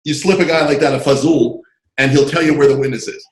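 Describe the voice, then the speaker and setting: Animated storytelling man in a roomy space. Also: on the high side, fast talker. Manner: animated, digressive, full of asides. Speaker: interview guest, screenwriter and comic artist. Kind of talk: casual anecdotal storytelling.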